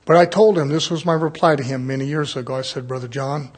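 A man preaching a sermon as pastor, swinging from loud fervent build-ups to quiet asides. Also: mid-range voice, fast, slightly rough.

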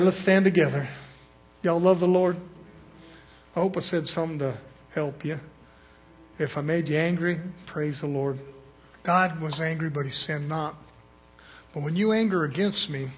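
Male preacher, raspy rough voice, slightly high, blunt folksy sermon style with call-and-response.

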